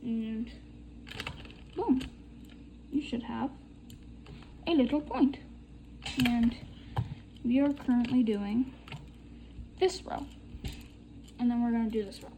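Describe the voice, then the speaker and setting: Young woman vlogger, slow and chatty, slightly high voice, faint background hiss. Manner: chatty, swears casually, rambling storytelling. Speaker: crafting tutorial vlogger. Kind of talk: casual chat while demonstrating bead crafting.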